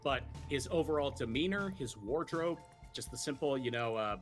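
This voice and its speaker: A man's voice: medium pitch, expressive, moderate pace, soft background music. A young man hosting a live stream, chatting casually and animatedly, swearing and laughing often. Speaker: streamer host.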